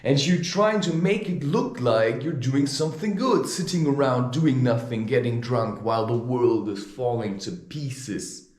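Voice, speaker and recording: A man in a ranting vlog monologue, heated and animated, with his pitch swinging widely. The room around him rings with a noticeable echo. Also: a little slow, hardly any pauses. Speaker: spiritual advice vlogger.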